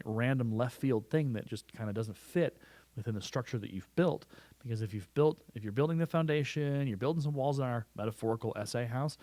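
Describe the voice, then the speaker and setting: A man's voice: mid-range voice, a little mellow, no room sound. A man teaching a writing lesson in a conversational way, often repeating words and restarting phrases. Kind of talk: recorded classroom lesson. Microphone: close studio mic.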